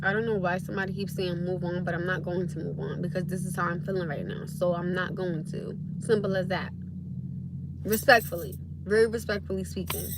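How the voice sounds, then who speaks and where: A woman's voice: lowish voice, steady tone, brisk, very noisy. A young woman hosting a casual livestream, talking bluntly and emphatically, often repeating herself to drive a point home. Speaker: livestream host.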